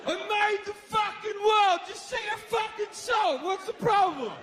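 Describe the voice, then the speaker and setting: A comedian puts on a short-tempered male God who rants, swears and shouts in a raised, strained voice. The recording is from a live show with a faint crowd and room noise behind. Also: extremely high pitch, unhurried, in a large hall, pitched above the performer's own voice. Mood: raging.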